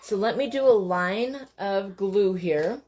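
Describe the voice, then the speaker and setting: A woman's voice: medium pitch, slow pace, a little mellow. A woman chatting casually with her viewers as she crafts at home, often breaking off to speak to her young children. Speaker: host of a live crafting stream. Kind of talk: casual chat while crafting.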